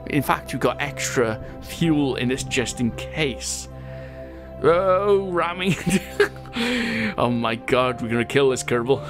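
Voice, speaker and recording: A man's voice: mid-range voice, steady tone, unhurried, over music. A man giving casual, chatty gameplay commentary, laughing often as he reads viewer comments. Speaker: gaming channel host.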